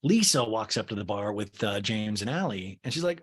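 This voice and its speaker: Fairly low-pitched and slightly rough, this podcast host talks briskly with lively intonation. He rambles through a jokey, casual recap of a show, packed with fillers.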